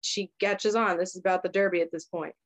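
In a lowish, steady voice, a young podcast host retells a story in casual conversation. Her style is loose and profane, and she quickly voices the characters' lines.

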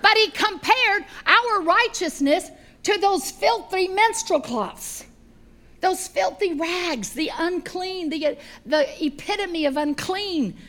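A middle-aged woman preaches in a high, bright voice. She tells the story with animated, humorous energy, swinging between loud emphasis and hushed asides. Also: slow. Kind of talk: sermon.

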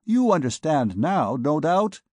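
A man's voice: fairly high pitch, very animated, unhurried, darkish tone, no room sound, studio quality, voice pushed up. A man doing a stern, mocking vagabond king. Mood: threatening. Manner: stern, threatening, repeating his warnings. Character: commanding male vagabond king, mocking and harsh.

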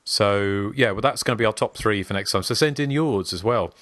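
Chatty podcast host, man, lower voice, dry sound. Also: fairly quick, a bit bright, no echo. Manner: rambling, chatty. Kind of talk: casual chat.

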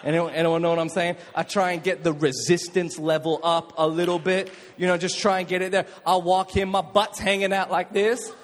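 A man preaching a jokey, energetic youth sermon to a live audience in a church hall, calling on listeners to respond. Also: high voice, a little fast, hardly any pauses. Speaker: youth pastor. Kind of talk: youth sermon with jokes and stories.

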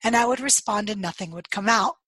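A woman with a slightly hoarse, husky voice, telling her life story in an interview and acting out the dialogue she recalls. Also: mid-range voice, fairly quick, a bit bright, no room sound, poor audio. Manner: storytelling, acts out quoted dialogue, laughs often. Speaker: podcast guest.

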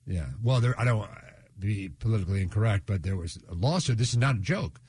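A radio host from New England with a slightly husky voice, bantering and making fun of himself. His pitch swings widely as he jokes, and the sound is dry and close. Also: animated, fast, darkish tone, no echo. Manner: self-mocking, joking banter. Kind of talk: casual radio chat.

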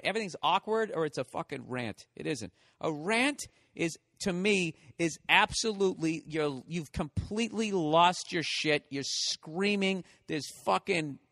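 A man's voice: high voice, a bit bright, long reverb tail. A man hosting a solo comedy podcast, talking in a rambling, profane, ranting way.

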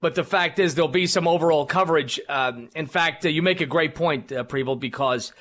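A man's voice: a little high, a little fast, a bit bright. A man hosting a political talk radio show, rambling with many fillers and restarts. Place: radio studio.

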